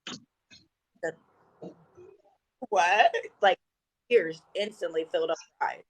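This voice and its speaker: Animated storytelling woman. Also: on the low side, takes it slowly, low-quality recording. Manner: animated, acts out quoted dialogue. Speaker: podcast guest. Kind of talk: casual storytelling chat.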